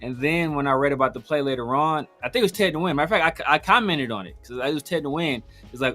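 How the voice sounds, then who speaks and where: A man co-hosting a casual sports podcast, chatty and animated, acting out his own reactions. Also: a little high, fast talker, hardly any pauses, soft background music.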